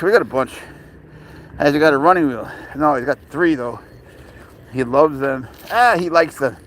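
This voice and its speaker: Walking outdoors near a parked car, a man live-streams on his phone, his voice on the high side and a bit bright. He rambles casually and uses baby talk to coax his cat along.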